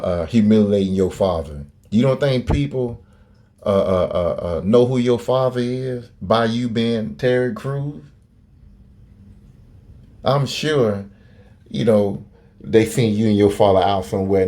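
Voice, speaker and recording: A man talks into a phone, giving blunt, opinionated commentary in a somewhat low, dark and mellow voice. He rambles through many fillers and restarts and swears freely. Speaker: video commentator.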